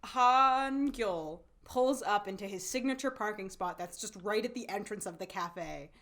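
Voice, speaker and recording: A woman co-hosting a podcast, chatting casually and excitedly about a drama, full of fillers and acted-out lines. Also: medium pitch, unhurried, slight background noise. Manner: bubbly, lots of fillers, acts out characters' lines. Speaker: podcast co-host. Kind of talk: casual chat recapping a drama.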